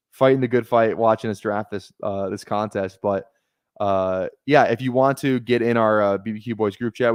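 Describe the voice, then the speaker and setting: A man's voice: fairly low pitch, no room sound. A young man casually commenting on a live fantasy football draft stream, rambling, repeating himself and swearing freely.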